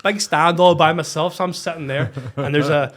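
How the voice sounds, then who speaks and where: A man with a Northern Irish accent, a football coach guesting on a podcast, telling a story in a lively, swearing, casual way. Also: a little high, normal speed. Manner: animated, swears freely, acts out heated quotes.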